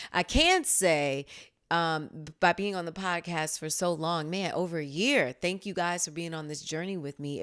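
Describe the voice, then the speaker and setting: A woman in her thirties hosting a podcast in a casual solo chat, laughing often and acting out quotes in a higher voice. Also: a bit bright, clear, resonant tone. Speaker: podcast host.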